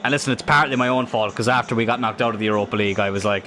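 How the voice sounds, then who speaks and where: Man, game streamer, excitable live commentary, swears a lot, bright sharp tone. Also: on the low side, rapid-fire, few pauses, slight background noise.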